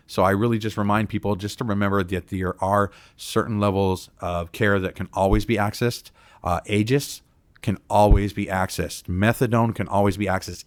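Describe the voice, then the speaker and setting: Low, dry-voiced man explaining earnestly. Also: no room sound. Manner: earnest, explanatory, with frequent fillers. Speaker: treatment provider on a panel. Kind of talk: panel discussion talk. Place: community town hall.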